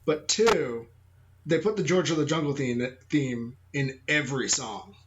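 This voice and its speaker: A man's voice: fairly high pitch, a little slow, dull audio, noisy background. Upbeat guest guy on a podcast. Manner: enthusiastic, laughing often. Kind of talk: casual film podcast chat.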